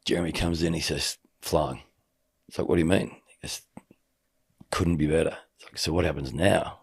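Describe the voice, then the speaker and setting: Speaking at a quick pace in a low, gravelly, husky voice with a steady tone, a middle-aged man recounts a personal story in casual talk. A sports commentator appearing as a podcast guest, he's a vivid storyteller who performs the dialogue he quotes.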